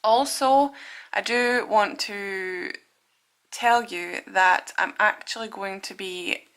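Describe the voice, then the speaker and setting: Bright-voiced chatty woman vlogging. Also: medium pitch, slow. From Scotland. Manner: chatty and rambling, laughs at herself. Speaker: artist vlogger. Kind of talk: casual studio vlog chat.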